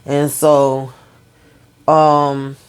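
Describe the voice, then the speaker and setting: A woman's voice: low-pitched, flat delivery, extremely slow, clear, resonant tone. A woman hosting a casual TV episode recap, chatty and talking straight to her viewers. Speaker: TV recap host.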